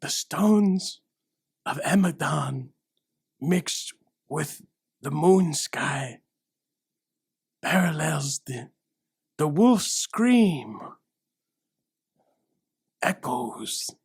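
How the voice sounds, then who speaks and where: A man's voice: a little high, lively intonation, gravelly, husky, heavily acted. Man doing an old mystical grandmother seer. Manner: slow, dramatic, portentous. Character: old grandmother fortune teller, mystical and grave.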